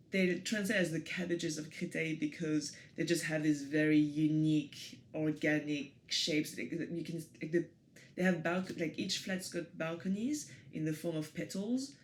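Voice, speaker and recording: A woman with a French accent, chatting as an interview guest, hesitant and full of restarts. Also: sits low. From France, Paris suburbs. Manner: hesitant, many fillers and restarts, laughs easily. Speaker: guest photographer. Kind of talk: casual interview talk.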